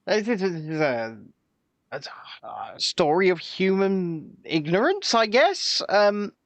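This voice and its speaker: A man co-hosting a casual live show, telling stories in an animated way and often repeating words as he goes. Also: high-pitched, takes it slowly, dry recording. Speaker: co-host. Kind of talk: casual live-stream chat.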